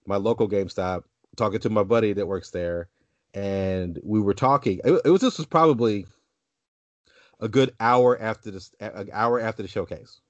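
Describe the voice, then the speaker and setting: On a casual podcast, a co-host with a voice on the low side tells a long, rambling story, restarting often and drifting into asides. The sound is dull, lo-fi and dry, with no echo.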